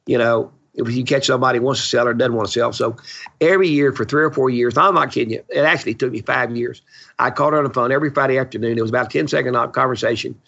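A man in his seventies, a real estate investor appearing as a podcast guest, spins stories in interview chat with a blunt, opinionated, salty attitude. His mid-range voice is very fast, gravelly, bright and forceful, with a breathy edge, captured on a dull lo-fi recording.

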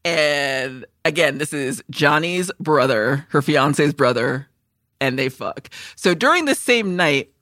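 A woman co-hosting a podcast, chatting casually about a film and loudly acting out its lines with lots of swearing. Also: low-pitched, slow pace, no echo, studio quality. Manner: animated, swearing, acts out film lines in loud voices. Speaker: podcast co-host. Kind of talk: casual movie chat.

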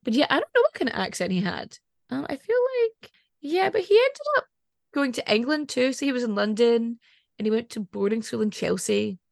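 A Scottish woman hosts a podcast in relaxed, chatty conversation, wandering off on tangents and laughing often. Her voice sits a little high and carries a gravelly rasp. The sound is dry and close. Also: brisk, dry recording. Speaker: podcast host. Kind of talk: casual chat.

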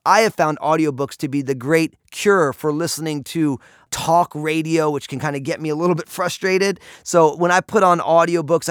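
A man's voice: on the high side, dry recording. Upbeat man, dry close-miked studio voice. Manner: upbeat, enthusiastic. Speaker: pastor and author. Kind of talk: promotional talk about his audiobook.

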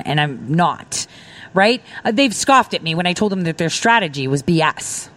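A woman's voice: on the low side, expressive, moderate pace, a bit bright, dry recording. Emphatic woman on dry talk radio. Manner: emphatic, rambling, acts out quoted exchanges. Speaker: guest; defense contractor. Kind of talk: political talk radio conversation.

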